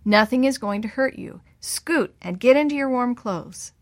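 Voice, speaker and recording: A woman plays a confident older brother in a storybook, teasing and bossy, taking charge with steady instructions. The sound is dry and close. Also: on the high side, normal speed, no echo, pitched above the performer's own voice, lightly acted. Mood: firm. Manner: bossy, reassuring.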